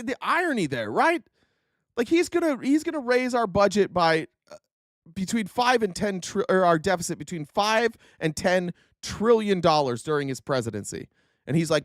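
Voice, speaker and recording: Guy ranting on his stream, swears a lot, pitch jumping all over, dry close sound. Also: very animated, moderate pace, no echo. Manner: angry, profane, sarcastic, mocking impressions. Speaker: political livestream host. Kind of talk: ranting live stream commentary.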